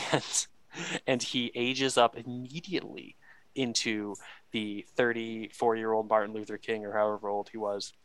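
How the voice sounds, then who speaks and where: A man's voice: lowish voice, level tone, moderate pace, fairly bright tone, no room sound. A man in casual chat, animatedly retelling a movie plot with laughs and acted-out lines.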